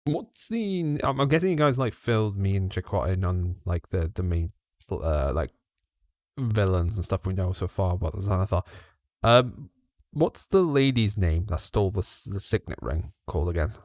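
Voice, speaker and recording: A man's voice: low voice, expressive, moderate pace, darkish tone, no room sound. Guy playing tabletop, chatty and curious, dry close sound. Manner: chatty, restarts and fillers, probing questions. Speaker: player. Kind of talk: casual in-character tabletop play.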